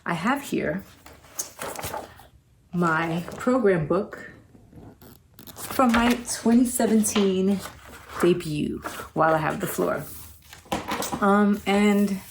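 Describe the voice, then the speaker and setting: A woman giving a grateful spoken tribute, searching for words with frequent pauses. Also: medium pitch, background noise. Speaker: performer giving a video tribute. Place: home outdoors among trees.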